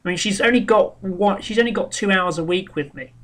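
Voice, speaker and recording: A man's voice: sits high, a little fast, fairly bright tone. A man speaking in a casual monologue, rambling and frank, with many ums and restarts. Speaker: vlogger.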